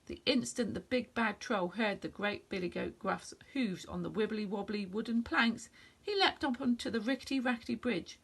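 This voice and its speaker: A woman reading a children's story aloud in a gentle, expressive way. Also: on the high side, moderate pace, creaky, slightly rough.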